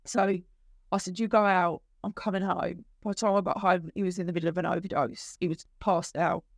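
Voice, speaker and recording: A middle-aged woman, a guest on a podcast, telling her story emotionally, with halting restarts. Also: on the low side, steady tone, gravelly, dry recording, clean studio sound. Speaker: guest, bereaved mother. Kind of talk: podcast conversation.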